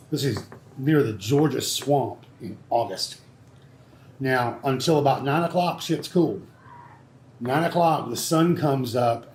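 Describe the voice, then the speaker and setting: Animated storytelling man. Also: mid-range voice. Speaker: show regular. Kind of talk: storytelling in casual late-night chat. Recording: echoey room with faint background noise.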